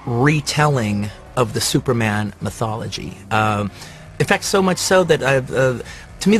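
A man giving rambling, enthusiastic commentary on his favorite films, with many fillers. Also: medium pitch. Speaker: film reviewer. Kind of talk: casual movie-list commentary.

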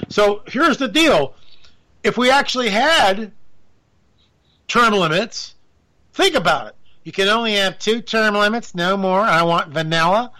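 A man giving a casual political monologue, animated and sarcastic, with joking asides. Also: high voice. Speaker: political commentator.

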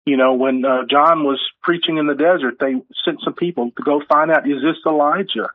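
A man's voice: fairly high pitch, brisk, no echo. A man, an author being interviewed, talking earnestly and telling stories. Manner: earnest, storytelling, acts out quotes. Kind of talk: conversational interview. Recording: tinny phone-line audio.

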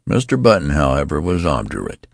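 A male narrator reading a story in a very deep voice with a gravelly, husky grain. His delivery is expressive and animated. The recording is dry and close to the mic. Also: fairly quick, no echo. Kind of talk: audiobook narration.

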